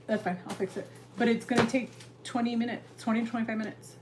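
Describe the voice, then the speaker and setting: A California woman streams live from her home kitchen, her slightly high voice fast and fairly even in intonation, with very noisy audio. She chats casually and rambles while answering viewers' comments.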